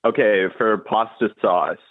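A man's voice: on the low side, measured pace, no echo. A male caller phoning into a comedy show, laid-back and laughing easily. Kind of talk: phone call-in chat. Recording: tinny phone line.

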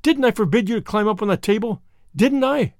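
A man's voice: high-pitched, big pitch swings, fairly quick, no echo, studio quality. A man voicing a stern strict older woman. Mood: scolding. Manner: scolding, firm.

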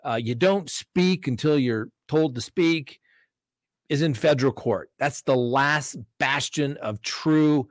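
A man's voice: medium pitch, slow, dry recording, clean studio sound. A middle-aged man, a defense attorney, telling courtroom stories in casual chat and acting out both sides of each exchange. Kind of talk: casual chat answering viewer questions.

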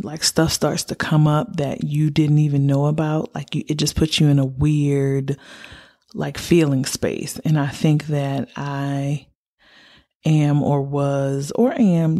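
A podcast host in a candid personal monologue, speaking openly and from the heart. The voice sits at a middle pitch with a warm, mellow tone. The talk wanders a little and is filled with "like"s and "you know"s. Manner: open and heartfelt, rambling with many "like"s.

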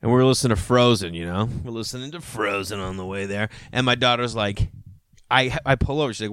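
A man's voice: mid-range voice, lively intonation, brisk, no echo, clean studio sound. A man in his thirties telling rambling, profane stories in a casual monologue, acting out both sides of each conversation.

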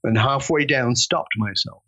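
A man telling a personal story as a podcast guest, with earnest, dramatic emphasis and deliberate pauses. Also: medium pitch, sharp tone, rough recording. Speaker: guest speaker.

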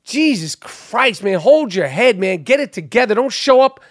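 A man hosting a podcast, ranting loudly and profanely about sports with lots of fillers. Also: high-pitched, animated, normal speed, dry recording, studio quality. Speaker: podcast host.

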